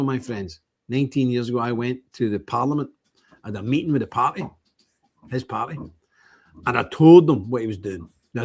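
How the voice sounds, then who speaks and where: A Northern Irish man talking straight to his livestream viewers in an animated, blunt, rambling way. He keeps restarting his sentences and breaking off into asides. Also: medium pitch, breathy edge. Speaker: livestream host. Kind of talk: livestream commentary.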